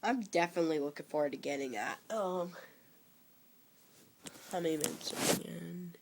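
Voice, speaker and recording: A young man in his teens with a cold, rambling casually about movies he likes and dislikes, with frequent halting restarts. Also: a little high, creaky, slight background noise. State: coming down with a cold. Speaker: vlogger.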